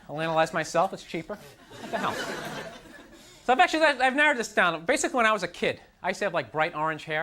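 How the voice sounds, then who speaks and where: A man doing a stand-up comedy routine on a theater stage, ranting in an exasperated way and jumping into whiny mock voices. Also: sits high. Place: theater stage before a live audience. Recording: live recording with crowd laughter and noise.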